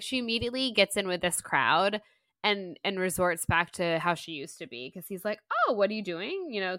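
A woman's voice: lowish voice, bright, forceful tone, no echo, studio quality. A woman co-hosting a book club podcast, chatting casually as she retells a chapter, peppered with "like". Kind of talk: casual chat.

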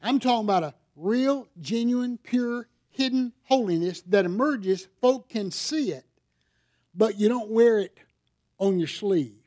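A man's voice: sits high, expressive, measured pace, darkish tone. A middle-aged male pastor preaching a sermon in a conversational way, often asking the congregation rhetorical questions.

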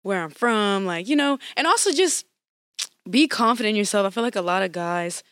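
A woman's voice: medium pitch, animated, brisk, a bit bright, dry recording, clean studio sound. A young woman with a Louisiana accent, a podcast guest who speaks frankly and animatedly and laughs easily. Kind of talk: casual chat.

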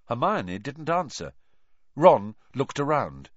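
A man narrating an audiobook in a lively, expressive reading style. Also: medium pitch, a little slow, dry recording, muffled recording.

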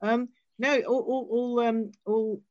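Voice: medium pitch, steady tone, slow, a little mellow, no room sound. Host for a group video chat: laughs a lot and trips over words, on dull, dry, lo-fi call audio. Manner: giggly, stumbling, chatty.

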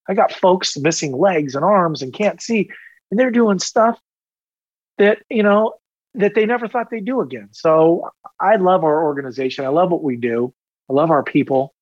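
A man's voice: a little high, dry recording, lo-fi sound. A man in his fifties, a retired police officer, telling stories in a casual podcast interview with rambling energy and self-deprecating humor.

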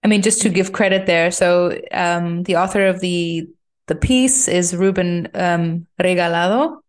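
Chatty, playful woman podcast co-host. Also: on the low side. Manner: chatty and playful, quick to laugh. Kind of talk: casual podcast chat.

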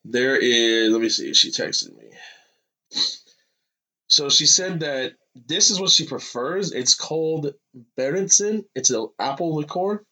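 A man's voice: fairly high pitch, lively intonation, slow, bright, forceful tone, rough recording. A tipsy man co-hosting a beer-tasting podcast, loose and profane, laughing easily in casual chat. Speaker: podcast co-host.

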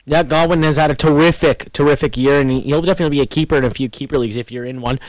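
A man hosting a casual sports podcast, talking in an animated way with quick swings in pitch. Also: dry recording. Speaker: podcast host.

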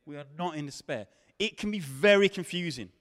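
Preacher in an echoing hall. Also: male voice, a little high, animated, a little fast. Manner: dramatic, swinging from loud questions to hushed tones. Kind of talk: sermon. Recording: long hall reverb.

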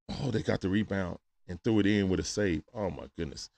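A man hosting a live stream from home, calling a game play-by-play in a casual, excitable way that swings from hushed asides to sudden shouts. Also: fairly low pitch, a little fast, creaky, hardly any pauses. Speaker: stream host. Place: at home at night.

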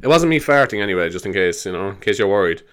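A man's voice: fairly low pitch, very animated, fairly bright tone. Rambling, sweary Irish man in his twenties. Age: 20s. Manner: rambling, sweary, quick to laugh, with many fillers. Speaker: podcast host. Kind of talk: casual rambling monologue.

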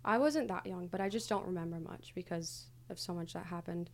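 A woman's voice: lowish voice, fairly quick, creaky. A young adult woman, a podcast guest, recounting her past candidly in a casual, hesitant way with many fillers. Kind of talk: casual conversational interview.

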